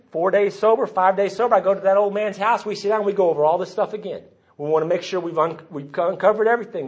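A man's voice: sits high, breathy edge. A man giving a recovery testimony, telling his story and voicing the people he quotes. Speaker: recovery meeting speaker. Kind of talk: personal testimony talk. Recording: dull lo-fi recording.

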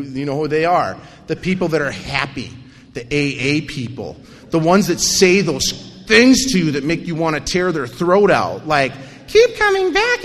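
High-voiced man sharing his recovery story. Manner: animated, self-mocking storytelling with coarse humor. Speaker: speaker at a recovery meeting. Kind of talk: personal recovery story told to an audience. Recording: long hall reverb.

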